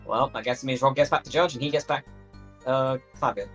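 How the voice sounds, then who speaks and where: A man's voice: mid-range voice, fairly even intonation, fairly quick, soft background music. A man chatting casually with friends, joking and swearing. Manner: joking, profane banter. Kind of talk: casual chat among friends voicing a game.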